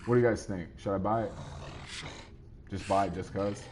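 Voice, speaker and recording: A man's voice: fairly low pitch, steady tone, moderate pace, a little mellow, slight background noise. A man casually chatting with viewers while he plays a game live, easygoing and rambling as he answers their comments. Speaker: streamer playing a game live.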